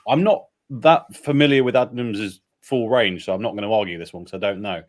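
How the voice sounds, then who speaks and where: A man co-hosting a casual livestream, chatting wryly and relaxed over a beer. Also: on the low side, brisk. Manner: relaxed, wry, a bit hesitant. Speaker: livestream co-host.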